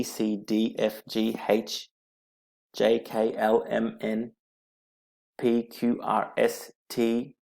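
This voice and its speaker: A male English teacher works through grammar slides at an unhurried pace. His voice has a gravelly, fry-edged texture, and he spells out each rule letter by letter with patient repetition. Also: fairly low pitch. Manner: slow, patient, repeats rules letter by letter. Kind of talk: slide-based grammar lesson.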